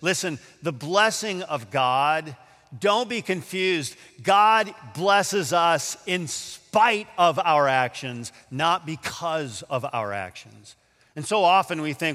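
A man preaching a sermon, reading scripture aloud and explaining it with animated emphasis. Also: fairly high pitch, takes it slowly. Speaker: pastor. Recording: long hall reverb.

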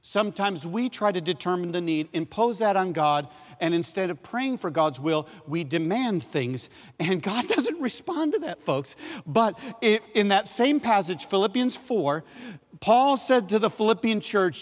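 A male pastor preaching a sermon, leading call-and-response, repeating key phrases and swinging between loud emphasis and hushed lines. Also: high voice, expressive, measured pace. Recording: long hall reverb.

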